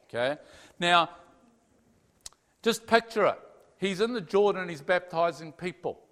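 A fairly high-voiced man preaches in a chatty, animated way and keeps tossing "okay?" to his listeners. His voice rings out with a long reverb from a large hall. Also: measured pace. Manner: animated, tags sentences with "okay?". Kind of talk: conversational sermon.

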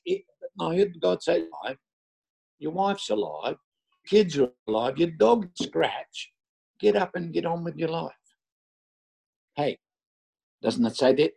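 An older man delivers a sermon in a gravelly, rough-edged voice. He tells stories and drives his points home by repeating phrases. His pitch sits in a middling range. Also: darkish tone, poor audio. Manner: storytelling with emphatic, repeated phrases. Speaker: pastor.

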